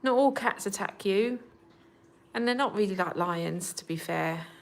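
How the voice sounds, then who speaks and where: A woman hosts a casual livestream from home, chatting with viewers and cooing to her cats in a soft baby voice. Her medium-pitched voice is expressive and a little slow, with some creak.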